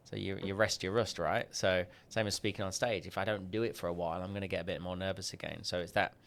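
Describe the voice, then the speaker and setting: An Australian man as a podcast guest, telling stories and acting out quoted dialogue with lively jumps in pitch. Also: fast talker. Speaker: guest, sales coach. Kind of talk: podcast interview storytelling.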